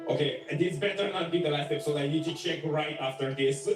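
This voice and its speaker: A man's voice: on the high side, fairly quick. A male streamer reacting live to an anime, gushing, swearing and laughing a lot. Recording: echoey room, mic far off, music behind.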